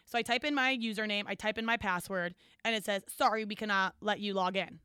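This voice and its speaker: A woman's voice: medium pitch, steady tone, fairly quick, sharp tone, clear, resonant tone, dry recording, clean studio sound. A woman co-hosting a casual podcast chat, telling a story, acting out quotes, laughing often. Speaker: podcast co-host.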